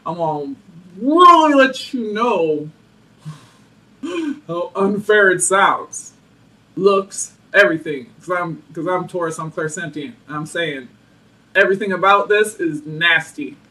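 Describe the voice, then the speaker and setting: A man with a high, light voice gives a casual tarot reading, full of sass, playful attitude and frequent laughter. The mic sits some way off, so he sounds distant. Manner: sassy and animated, laughs often. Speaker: tarot reader.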